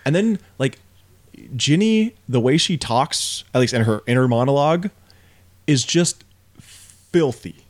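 A man's voice: medium pitch, measured pace, pauses often. A man co-hosting a podcast, talking casually and bluntly about a film, with frequent swearing and rising disbelief. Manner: profane, blunt, animated when incredulous. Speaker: podcast co-host. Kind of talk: casual film review chat.

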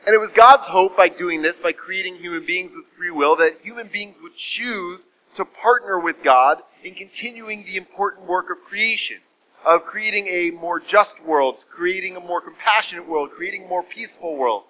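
A man preaching a sermon, retelling a scripture story in a measured, emphatic way. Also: high-pitched, pushed and bright, slight background noise, low-quality recording.

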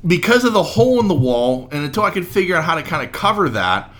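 Lively-voiced man telling a home story. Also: a little high, quick pace. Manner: rambling anecdotes, acts out others' lines. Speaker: podcast co-host. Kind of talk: casual chat, storytelling.

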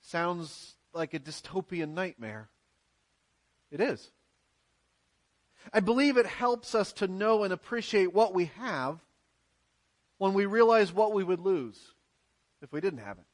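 Earnest high-voiced male pastor preaching. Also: lively intonation, measured pace, pauses often. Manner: earnest, emphatic preaching with rhetorical questions. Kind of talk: sermon.

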